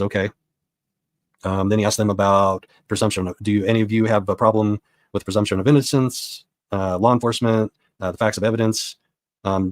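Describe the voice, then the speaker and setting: A man's voice: lowish voice, no room sound. A man giving a casual spoken recap of a court session as a reporter, retelling what was said with quoted dialogue.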